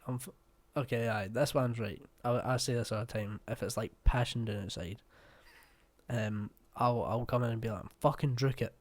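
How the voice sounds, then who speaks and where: A man's voice: mid-range voice, fairly even intonation, moderate pace. A man with a West of Scotland accent hosting a reaction video, talking casually, swearing bluntly and joking.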